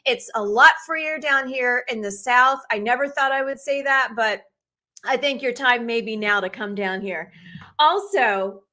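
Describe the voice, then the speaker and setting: Forties woman talk show host, bright and a touch high, bold and emphatic, live stream. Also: unhurried. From Northern United States. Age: 40s.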